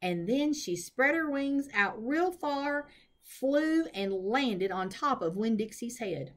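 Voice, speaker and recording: A woman reading a children's novel aloud in an expressive, storytelling manner. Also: on the high side, slow. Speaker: reader.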